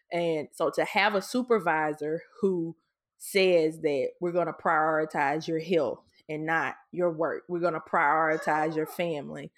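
A woman co-hosting a podcast in casual chat, talking candidly and emotionally with many restarts. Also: low-pitched. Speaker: podcast co-host.

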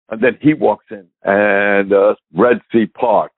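An older man, a guest drummer, telling lively anecdotes with a raspy voice and frequent chuckles, heard over call audio. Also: fairly low pitch, slow pace, hardly any pauses, dry recording, phone-quality sound. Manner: lively storyteller who chuckles often.

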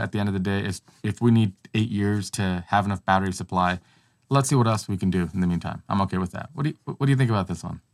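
Man, lowish voice, relaxed co-host, loose chatty delivery full of fillers. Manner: conversational, many fillers and restarts. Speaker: podcast co-host. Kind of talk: casual chat.

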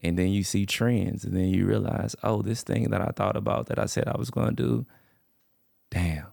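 Male guest, very low and gravelly, relaxed slangy talker. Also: moderate pace, no room sound, clean studio sound. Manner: flat, laid-back, slangy. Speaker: podcast guest. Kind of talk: casual chat.

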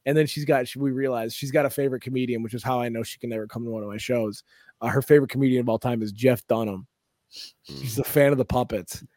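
A man co-hosting a comedy podcast, telling stories in a casual, animated way and acting out the voices of people he quotes. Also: mid-range voice, fast talker, no echo, studio quality. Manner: animated storytelling, acts out quotes. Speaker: podcast co-host.

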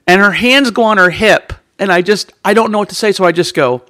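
A man's voice: high-pitched, brisk, no echo, clean studio sound. A man in casual chat, telling a funny story with lots of laughter. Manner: animated storyteller who laughs often.

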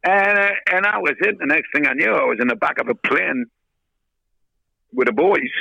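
Gravelly older man telling a story. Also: fairly high pitch, normal speed, dry recording, dull audio. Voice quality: gravelly, husky. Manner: lively, swears often, acts out voices in his story. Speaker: guest, rock singer. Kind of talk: storytelling anecdote in interview.

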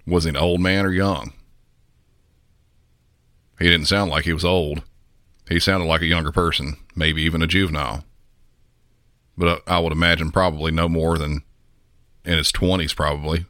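A man from the Southern United States hosting a podcast, talking in a measured, instructive way and putting questions to the listener. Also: extremely low pitch, fairly even intonation, pushed and bright, dry recording, studio quality. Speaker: podcast host.

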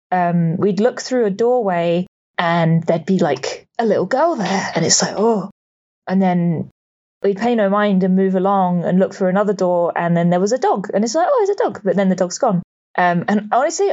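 A woman's voice: medium pitch, a little mellow, dull audio. A woman, a podcast co-host, recounting a dream on a voice memo, rambling with many fillers. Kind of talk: recorded dream account.

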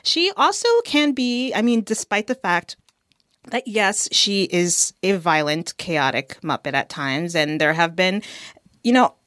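A woman's voice: on the low side, a little slow, dry recording, studio quality. A woman co-hosting a podcast in casual, playful chat. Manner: playful, animated storytelling. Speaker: podcast co-host.

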